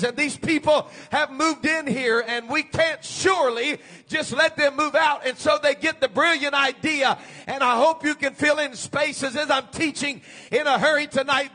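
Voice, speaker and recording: A man preaching a sermon, moving from quiet teaching to shouted, fervent preaching. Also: extremely high pitch.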